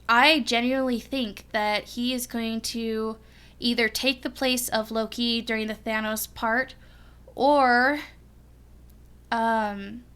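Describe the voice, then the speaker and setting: A young woman reacting to a series as a fan, rambling excitedly with lots of giggles and restarts. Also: fairly high pitch, clear, resonant tone. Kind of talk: casual rambling reaction vlog.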